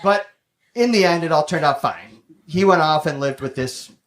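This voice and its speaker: Animated man telling a stand-up story. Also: on the high side. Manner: animated, self-mocking, quick bursts with profanity. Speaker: stand-up comedian. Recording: loud background noise with audience laughter.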